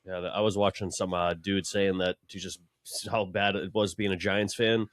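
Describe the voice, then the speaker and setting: A man's voice: low-pitched, level tone, normal speed, no room sound. A man co-hosting a casual sports podcast, talking with profanity and a sarcastic edge, often mocking people in put-on quotes. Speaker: podcast co-host.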